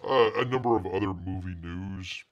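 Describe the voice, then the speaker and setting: A man's voice: low-pitched, moderate pace. A man hosting a live stream, chatting casually, joking and rambling, and speaking of himself in the third person. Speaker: livestream host.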